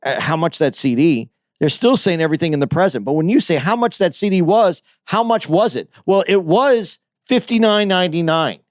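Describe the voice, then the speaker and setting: A man's voice: high-pitched, lively intonation, a little fast, few pauses, no echo. Man explaining at length, dry close sound. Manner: explains at length, restarting sentences as he thinks. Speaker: podcast co-host. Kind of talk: casual podcast discussion.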